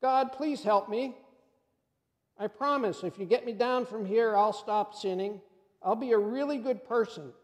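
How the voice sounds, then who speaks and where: Man doing a desperate cliff-hanger, high frantic yells, pleading, echoey sanctuary. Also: a little slow. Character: panicked man dangling from a cliff.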